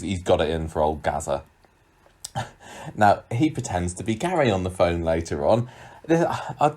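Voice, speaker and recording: A man co-hosting a podcast, casually recapping a soap episode with frequent chuckles and musing pauses. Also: low voice, a little mellow. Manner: chatty, giggly, drawn-out musing pauses. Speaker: podcast co-host.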